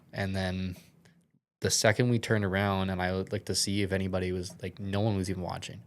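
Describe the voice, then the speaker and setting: A man's voice: low voice, little pitch movement, moderate pace. A young man, a podcast guest, telling a story in a casual, rambling way with many filler words and some swearing, earnest and shaken.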